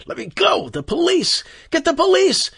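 A man voicing a panicked middle-aged male shopkeeper in an audiobook, shouting in a strained high voice. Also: very animated, moderate pace, husky, no room sound, studio quality, full character voice. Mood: frantic. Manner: frantic, shouting, high-pitched. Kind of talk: audiobook character voice.

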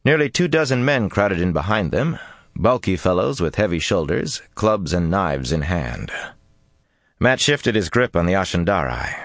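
Deep-voiced guy reading a fantasy audiobook, lively delivery, dry sound. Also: no echo. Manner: expressive, dramatic storytelling. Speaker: audiobook narrator. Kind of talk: scripted fantasy narration.

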